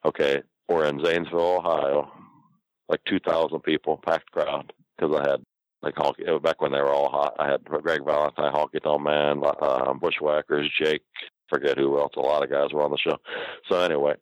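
A man's voice: extremely low pitch, level tone, normal speed, no room sound, highs cut off. A man, a wrestling promoter, telling a rambling, profane story in a casual interview. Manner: rambling, profane, full of fillers.

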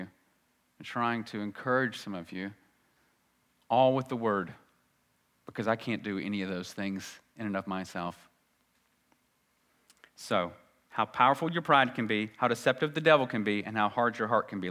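A male pastor preaching a sermon, swinging between loud emphasis and quiet asides. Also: medium pitch.

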